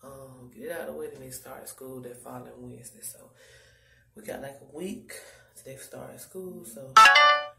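A woman's voice: very deep voice, moderate pace, vocal fry, pushed and bright, soft background music, poor audio. A pregnant mother of five, tired and out of breath, chatting casually to her vlog viewers in loose slang.

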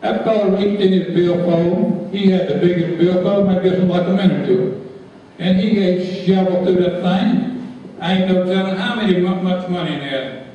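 Guy spinning a folksy yarn, higher voice, way off mic in a big echoey hall. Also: normal speed, recorded from a distance, muffled recording. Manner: folksy, animated, laughing as he tells. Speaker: storyteller. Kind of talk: folksy live storytelling.

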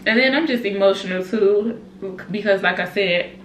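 Chatty young mom vlogger, echoey room. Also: female voice, medium pitch, slow, long pauses. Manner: chatty, emotional, many fillers like "like" and "y'all". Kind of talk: casual chat to camera. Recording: echoey room with faint noise.

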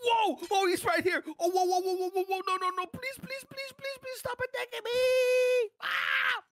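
A woman's voice: extremely high pitch, steady tone, fairly quick, background noise. A woman voicing a clumsy, panicky young male gamer in a Minecraft roleplay, whining and pleading frantically. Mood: panicked.

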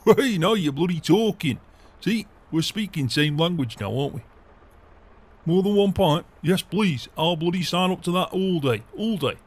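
A man voicing a gruff, beer-loving older farmer in game roleplay banter, swearing often and chuckling. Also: sits high, lively intonation, moderate pace. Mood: jovial.

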